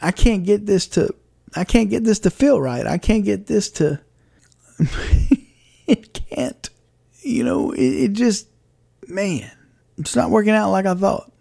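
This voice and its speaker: A man's voice: high-pitched, animated, slow pace, vocal fry, long pauses, mellow, dry recording, clean studio sound. A man hosting his own podcast, telling a rambling personal story about faith and setbacks, chuckling as he goes. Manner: conversational, rambling, chuckles often, faith-based reflection. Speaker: podcast host and radio broadcaster. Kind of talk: personal reflective monologue.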